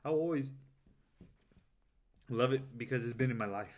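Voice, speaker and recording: A man's voice: mid-range voice, moderate pace. A man co-hosting a casual podcast, bantering playfully. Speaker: podcast co-host. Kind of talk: casual chat.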